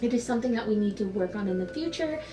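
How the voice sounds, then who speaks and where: Firm, lively-voiced woman player. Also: fairly high pitch, very fast. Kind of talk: tabletop game play. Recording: background music.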